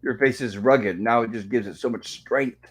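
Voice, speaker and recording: Recapping an old sitcom episode for his informal online show, a man reads the characters' lines aloud and keeps it chatty, like telling a story. His mid-range voice is slightly rough and moves at a moderate pace, captured in a low-quality recording.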